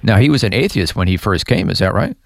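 A man's voice: on the low side, lively intonation, fast talker, gravelly, dry recording. A man hosting an interview, asking short questions and prompting with brief replies. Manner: brief prompts and attentive backchannels.

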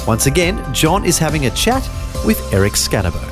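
A man's voice: a little high, sing-song, a little fast, music in the background. A man with an Australian accent introducing a radio story program from a script. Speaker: radio host.

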